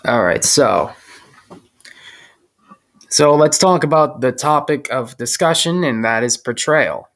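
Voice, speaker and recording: A young man with a mid-range voice speaks slowly and haltingly, often restarting his sentences as he steers a casual podcast chat. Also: medium pitch, lively intonation, fairly bright tone. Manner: hesitant, halting, many restarts. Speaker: host.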